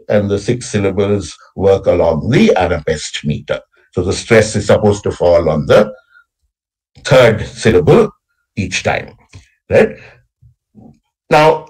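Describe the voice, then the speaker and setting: At a college workshop session, a man with a husky, slightly rough, somewhat mellow voice lectures on poetry, his pitch rising and falling widely as he explains. He tags "right?" onto each point to check in with listeners and recites lines with exaggerated stress to sound out the meter. The recording is rough.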